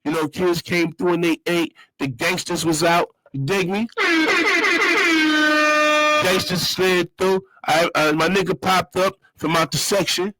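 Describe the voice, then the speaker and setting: A man's voice: high voice, fairly even intonation, a little slow, very noisy. A man hosting his own show, telling a loose, slang-heavy story in a casual monologue and repeating his phrases. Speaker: show host.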